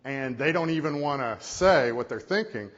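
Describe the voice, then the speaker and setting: A man who is a company CEO giving a keynote talk in a conference hall, with animated, conversational storytelling. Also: medium pitch, normal speed. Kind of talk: keynote presentation. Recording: echoey hall, dull lo-fi sound.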